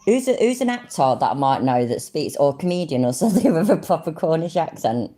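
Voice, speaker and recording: A woman from the chats casually on a live stream, her voice low but lively in pitch. She is easily amused and laughs a lot as she talks. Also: brisk. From Middle England. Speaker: streamer reacting to videos and chat.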